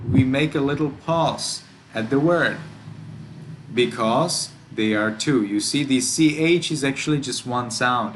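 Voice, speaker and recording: Slow, careful monk teaching chanting. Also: male voice, medium pitch, noisy background. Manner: slow, careful, demonstrates words by drawing them out.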